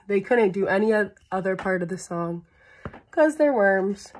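A woman's voice: mid-range voice, lively intonation, unhurried, darkish tone. A woman reading a children's picture book aloud at storytime, adding playful sound effects and chatting to young listeners between pages.

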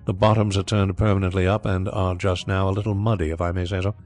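A man's voice: on the low side, moderate pace, darkish tone, faint music behind, natural voice. A man voicing a deferential, meticulous manservant in an audiobook, politely listing details. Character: deferential, precise male manservant.

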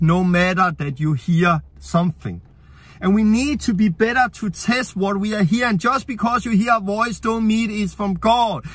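A man's voice: high-pitched, dry recording. A man preaching a sermon in earnest, plain-spoken, imperfect English.

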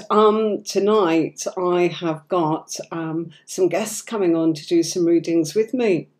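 Woman, hoarse from a cold, unhurried, lowish voice, chatty live-stream host. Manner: chatty and affectionate, fussing with software while talking. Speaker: tarot reader hosting a live stream.

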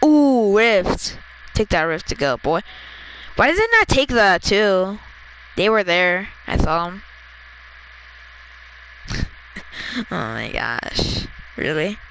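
A chatty, excitable gamer talking through a match with a friend, laughing often and firing off quick directions. The voice has a bright, sharp edge to it. Mid-range pitch, with a faint hiss of noise underneath. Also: low-quality recording. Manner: coaches teammate with quick instructions. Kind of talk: casual gameplay chat.

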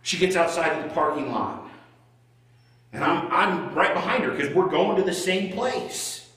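A middle-aged male pastor preaching a sermon as a conversational story, swinging between loud and hushed. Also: a little high, a little slow. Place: church sanctuary. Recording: echoey church room, voice from far off.

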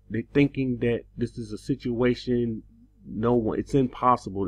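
A man delivering a teaching sermon, slow and emphatic, his pitch rising on the words he stresses. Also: darkish tone, dull audio. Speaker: preacher.

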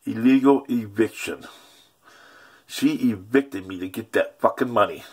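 A man's voice: fairly low pitch, a little slow, a little mellow, husky. A man vlogging an angry rant, agitated, profane and repetitive.

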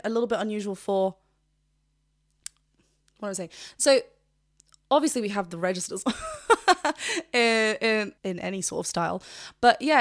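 Vocal coach, woman, somewhat high voice; chatty, rambling reaction talk with quick self-corrections. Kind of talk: casual reaction commentary.

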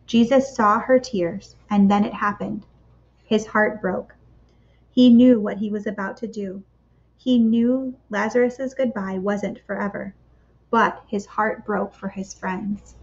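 A woman reading a picture book aloud to children for a church kids' club, with expressive, measured storytelling and dramatic pauses. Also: medium pitch. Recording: slightly dull lo-fi recording.

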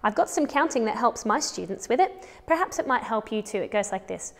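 A woman's voice: fairly high pitch, animated, a little fast, hardly any pauses, big-room sound, background noise. A woman with an Australian accent teaching a children's music lesson, counting patterns aloud and encouraging the class.

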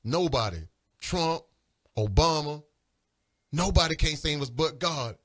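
A man's voice: a little high, expressive, unhurried, a bit bright. A man giving an emotional spiritual testimony on the radio, pleading and repeating himself as he talks. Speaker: caller giving a religious testimony. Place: radio studio or phone-in.

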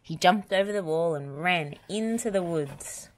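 A woman narrating a children's storybook aloud in a gentle, even storytelling manner. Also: lowish voice, a little slow, a little hiss or hum. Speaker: children's book reader.

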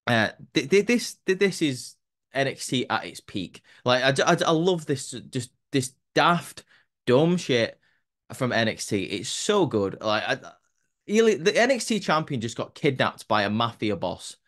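A man's voice: medium pitch, big pitch swings, measured pace, fairly bright tone. Rambling man recapping wrestling. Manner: rambling, many ums and restarts, laughs at own jokes. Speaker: wrestling show reviewer. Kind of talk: casual recap commentary.

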